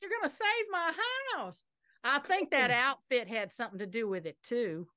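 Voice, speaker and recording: A woman's voice: a little high, expressive, normal speed, bright, forceful tone, dry recording, studio quality. A woman improvising a flustered small-town woman with a put-on drawl on stage. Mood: fretting. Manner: flustered, repeats herself. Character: fussy, fretting Southern small-town woman. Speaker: improv performer. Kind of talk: live improv comedy scene. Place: theater stage.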